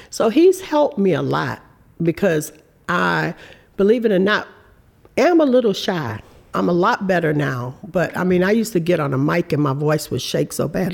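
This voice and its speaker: A woman's voice: lowish voice, lively intonation, a little slow, vocal fry, husky. A woman in her fifties, a guest in an interview, telling her story in an earnest, candid way. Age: 50s. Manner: warm, earnest storytelling with reported speech.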